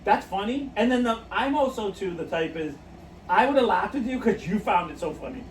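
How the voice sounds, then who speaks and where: Telling stories on a casual podcast he co-hosts, this man laughs through his own tales. His high voice is lively in intonation and fairly quick, captured on a distant mic with roomy echo and faint noise.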